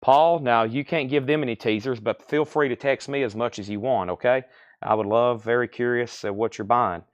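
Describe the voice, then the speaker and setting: A man hosting a live-stream vinyl sale in a medium-pitched voice. He reads out conditions and prices in a brisk, businesslike patter and calls bidders by name. Between items he chats casually with the viewers. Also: steady tone, lo-fi sound. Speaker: host of a live online record sale.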